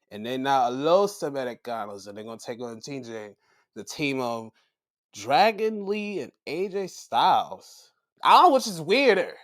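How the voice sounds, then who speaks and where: Animated, profane male podcast host. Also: measured pace. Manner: animated, profane, acts out quotes in a high voice. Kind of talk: casual wrestling recap.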